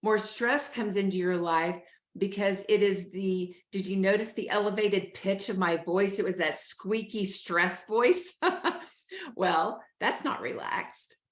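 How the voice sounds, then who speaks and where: A woman's voice: medium pitch, fairly even intonation, unhurried. Earnest woman coaching in a roomy space. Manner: earnest and encouraging, coaching listeners on stress. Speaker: show host and wellness coach. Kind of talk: motivational talk to camera. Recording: roomy echo.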